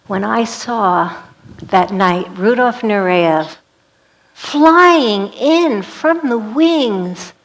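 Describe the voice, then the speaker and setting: A woman performing a one-woman play as a vivid, dramatic storytelling monologue. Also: a little high.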